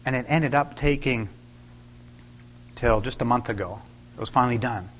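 A middle-aged man preaching, telling a personal story and acting out the dialogue with sudden loud bursts. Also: medium pitch, normal speed, a little hiss or hum. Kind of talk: sermon storytelling.

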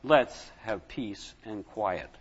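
A man's voice: on the high side, animated, fairly quick, fairly bright tone. A man voicing a stern, weary father who answers curtly. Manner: stern, curt. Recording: dull lo-fi with long reverb.

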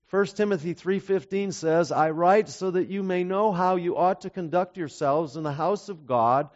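A man's voice: high voice, normal speed, darkish tone. A man preaching a sermon in an earnest way, often asking the audience to agree with him. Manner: earnest, asks the audience to affirm. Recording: dull lo-fi recording.

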